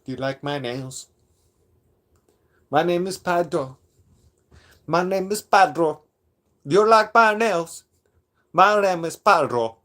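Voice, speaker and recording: A man putting on a high, preening vain guy. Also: lively intonation, slow pace, long pauses, bright, forceful tone, heavily acted. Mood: mocking. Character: vain, preening grown man showing off his nails.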